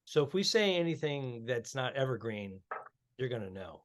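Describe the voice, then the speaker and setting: A man in relaxed comedy podcast banter, tossing out jokes and asides and addressing the listeners directly. His voice sits at an everyday middle pitch. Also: normal speed. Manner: joking, playful, speaking straight to listeners. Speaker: podcast co-host and comic.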